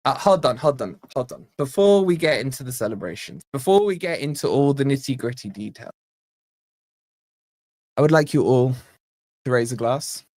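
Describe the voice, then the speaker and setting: A man's voice: medium pitch, expressive, normal speed, pauses often, darkish tone, dry recording. Young male host of a live fan show; brash, mocking banter, sleep-deprived, mid-range voice, dry sound. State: tired from lack of sleep. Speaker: football fan channel host. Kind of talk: live stream chat.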